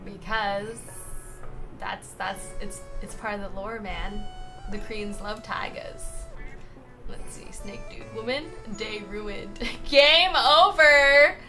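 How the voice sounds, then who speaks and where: A young woman streamer reading chat aloud in a casual, playful way, laughing often and exclaiming loudly when excited. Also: mid-range voice, slow. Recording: music playing behind.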